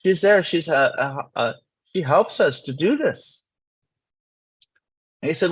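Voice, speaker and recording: Husky man telling a temple story. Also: fairly high pitch, unhurried, pauses often, poor audio. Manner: animated, rambling with restarts. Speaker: temple class teacher. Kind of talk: lively storytelling scripture class.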